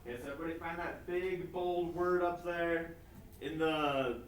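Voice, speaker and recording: A male teacher leading a class, drilling vocabulary by call and response and filling pauses with frequent "okay". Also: a little high, steady tone. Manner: frequent "okay" fillers, repeats prompts. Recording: echoey classroom from far off, faint noise.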